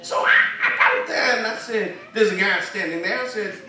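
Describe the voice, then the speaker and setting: A man from Texas, telling a folksy story in a sermon that builds into shouted preaching, recorded in a church sanctuary from a distance. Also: high voice, animated, fairly quick, noisy background. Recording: echoey hall from far off with congregation.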